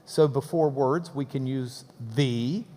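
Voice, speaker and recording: A man's voice: mid-range voice, slow pace, warm tone. A man hosting and teaching, pointing things out and prompting his guests with questions. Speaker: host and moderator. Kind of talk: teaching a class. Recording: echoey hall.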